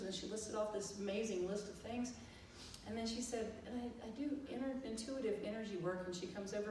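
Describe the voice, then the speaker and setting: A woman minister, telling a lively story in a sermon and acting out the dialogue with laughter. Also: fairly high pitch, a little fast, slight background noise. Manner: animated, acts out dialogue with laughter. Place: church sanctuary. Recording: echoey hall, far from mic.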